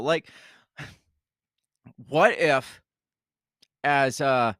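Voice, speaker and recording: A man's voice: medium pitch, slow, pauses often, fairly bright tone, dry recording, clean studio sound. A man co-hosting a casual news podcast, reading stories aloud and commenting in a wry, hesitant way. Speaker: podcast co-host.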